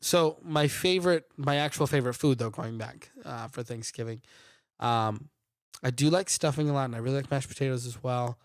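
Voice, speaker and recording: A man co-hosting a casual podcast, telling rambling stories in an animated way. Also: mid-range voice, a little fast, dry recording, studio quality. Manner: rambling, animated storyteller with laughs. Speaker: podcast co-host. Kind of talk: casual chat.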